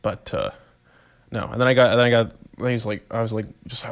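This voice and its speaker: A young man, casually rambling through a solo podcast story, animated and self-amused. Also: medium pitch, quick pace, gravelly. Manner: rambling, animated storytelling with laughs and voiced reactions. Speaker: podcast host.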